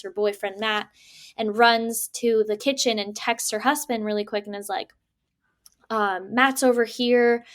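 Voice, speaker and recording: A woman co-hosting a casual podcast, retelling a book's plot with lots of "like" and acted-out quotes. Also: fairly high pitch. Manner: animated storytelling, acting out quotes, many "like"s. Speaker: podcast co-host. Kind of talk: casual book-club chat.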